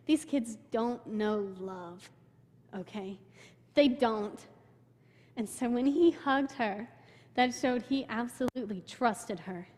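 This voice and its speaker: Speaking slowly in a fairly high voice with a darkish tone, a young woman shares an emotional testimony with her church about her mission trip. She quotes people she met in her own voice, and the sanctuary gives the recording long hall reverb.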